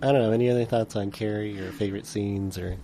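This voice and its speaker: A man's voice: fairly low pitch, steady tone, fast, a crowd in the background. A man co-hosting a podcast in casual chat, rambling with lots of filler words. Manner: rambling, many "like" fillers, laughs often. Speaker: podcast co-host.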